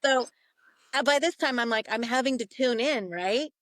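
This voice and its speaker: A woman's voice: a little high, moderate pace, fairly bright tone, no room sound. A woman, a psychic medium guest, telling a story in an interview, acting out the voices she quotes and laughing often.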